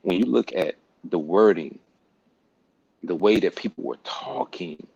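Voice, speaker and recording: A man's voice: sits low, measured pace, creaky, darkish tone, husky, no room sound, highs cut off. A man hosting a casual group talk, speaking emphatically and repeating words for stress, with casual slang and profanity. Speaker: podcast host.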